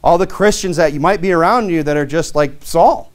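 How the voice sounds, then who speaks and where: Man preaching, slightly higher voice, earnest, plainspoken, lots of fillers. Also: a little fast. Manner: reads King James scripture aloud, rising in pitch on key verses. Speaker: pastor. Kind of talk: sermon.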